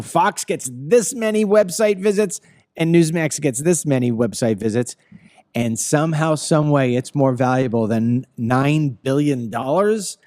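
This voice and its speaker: A man's voice: medium pitch, a little mellow, dry recording, clean studio sound. Emphatic Long Island man ranting. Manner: emphatic, ranting, repeats phrases. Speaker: commentary show host. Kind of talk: opinion monologue.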